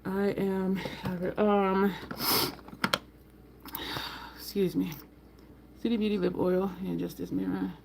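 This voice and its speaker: A woman hosting a casual makeup livestream, chatting with viewers by name and jumping up in pitch when she gets excited. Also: slow pace, creaky, pauses often, noisy background.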